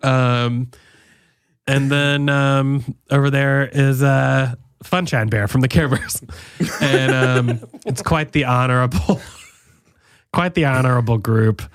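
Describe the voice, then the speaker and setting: A young man giving a rambling, deadpan mock wedding toast as a podcast guest, full of ums and fillers. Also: mid-range voice, takes it slowly, smooth, no room sound, clean studio sound.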